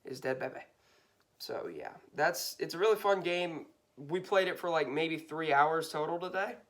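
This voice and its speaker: A man's voice: on the high side, expressive, moderate pace, a bit bright. A man co-hosting a casual podcast with his brother, laughing, swearing and rambling with fillers. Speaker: podcast co-host. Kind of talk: casual chat.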